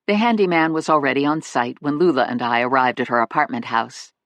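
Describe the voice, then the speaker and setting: An audiobook narrator giving a wry, lively scripted reading. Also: mid-range voice, fairly quick, dry recording.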